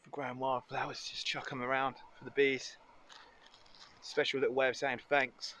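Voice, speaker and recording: A man's voice: medium pitch, level tone, normal speed, bright, forceful tone, a little hiss or hum. A man chatting casually and cheerfully while cooking outdoors for a foraging vlog. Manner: chatty, upbeat, muses aloud. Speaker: foraging vlogger. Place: outdoors in nature.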